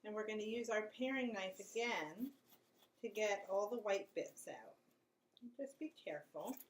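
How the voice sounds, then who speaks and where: A woman's voice: mid-range voice, lively intonation, moderate pace, low-quality recording. A woman hosting a home cooking show, walking through each step of a recipe in a casual, chatty way and chatting with a child in the kitchen. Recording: loud kitchen clatter of dishes and pans.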